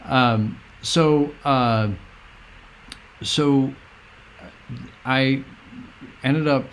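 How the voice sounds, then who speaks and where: A middle-aged man, a guest, telling a personal story in an earnest, meandering, halting way. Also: mid-range voice, a little hiss or hum.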